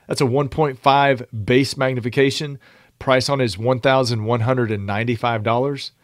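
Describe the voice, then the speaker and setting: A man's voice: medium pitch, moderate pace, no room sound. Dry-voiced man reading a product list. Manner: reads product lists at a steady, methodical pace. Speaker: podcast co-host. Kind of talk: casual podcast chat and list reading.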